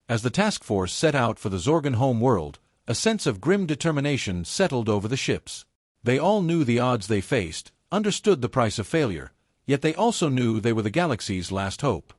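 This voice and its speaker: A man's voice: medium pitch, big pitch swings, no echo, clean studio sound. Man narrating a sci-fi audiobook. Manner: dramatic, measured storytelling.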